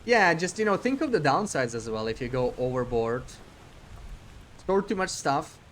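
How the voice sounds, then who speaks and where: A man's voice: fairly high pitch, big pitch swings, normal speed, a bit bright. Guy streaming a game, talking himself through it, faint noise behind. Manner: thinks aloud while playing. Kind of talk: casual gameplay commentary.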